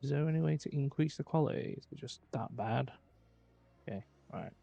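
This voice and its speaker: A man's voice: medium pitch, lively intonation, brisk, vocal fry, mellow, no echo, lo-fi sound, faint music behind. A man giving casual, chatty tips while talking over his own gameplay footage, full of fillers.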